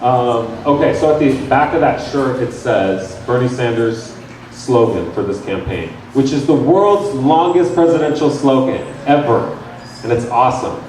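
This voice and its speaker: A man's voice: mid-range voice, normal speed, noisy background. A young man giving a casual, jokey training talk to a crowd in a bar lounge, recorded by a camera from some distance. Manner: animated, jokey, conversational. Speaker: campaign volunteer trainer. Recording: very echoey room from far off.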